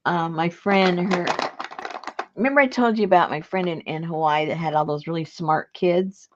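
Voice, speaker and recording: A woman's voice: lowish voice, moderate pace, dull audio. Chatty woman telling a laughing story. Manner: storytelling, laughs often, imitates voices in quotes. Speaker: craft video host. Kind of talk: casual chat.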